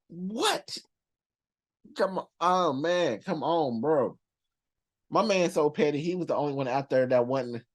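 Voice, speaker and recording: Animated, laughing man ranking movie characters. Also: a little high. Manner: animated, laughing, profane slang. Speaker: movie reaction host. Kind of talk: casual countdown commentary.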